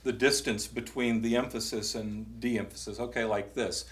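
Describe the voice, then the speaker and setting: A man leading a workshop on psalm chanting in a church, chatty and halting, with many fillers and restarts as he coaches singers. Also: mid-range voice, little pitch movement, roomy sound. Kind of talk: teaching a choral workshop.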